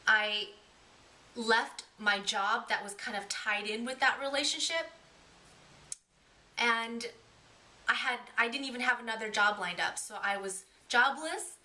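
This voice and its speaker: Bright-voiced woman giving an earnest testimony. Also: on the high side. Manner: earnest and emotional, with frequent restarts. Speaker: vlogger sharing her faith testimony. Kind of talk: personal testimony, casual and heartfelt.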